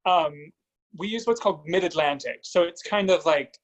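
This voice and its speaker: A man's voice: a little high, normal speed, rough recording. Man coaching singing over video call. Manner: coaching, sings short phrases to demonstrate. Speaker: vocal coach.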